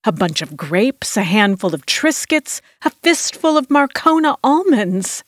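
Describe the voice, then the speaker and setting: A woman reading a first-person story aloud as an audiobook narrator, with an expressive, dramatic delivery. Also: on the high side, unhurried, no room sound, studio quality.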